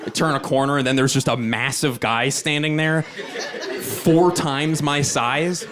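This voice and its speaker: A man in his thirties from Philadelphia doing a stand-up comedy set on stage, animated and often leaping into shrieking high voices for his bits. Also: a little slow, a crowd in the background. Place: theater stage before a live audience. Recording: live show with loud audience noise.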